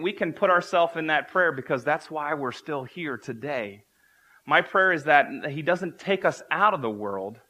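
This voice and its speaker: Bright-voiced male preacher, earnest. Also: a little high. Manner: earnest, repeats key phrases for emphasis. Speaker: pastor. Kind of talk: sermon.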